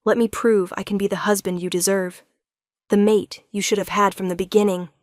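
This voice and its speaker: A woman's voice: medium pitch, level tone, a little fast, a little mellow, no room sound, studio quality, lightly acted. A woman voicing a pleading werewolf king. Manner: earnest, pleading. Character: remorseful young male werewolf king, pleading.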